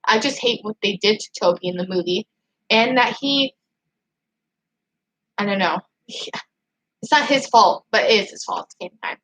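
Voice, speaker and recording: A woman hosting a casual livestream, reading out chat comments and ranting in an excitable, frustrated way with lots of "like" and restarts. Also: medium pitch, rough recording. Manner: excitable and frustrated, heavy use of "like". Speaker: channel host reading live chat.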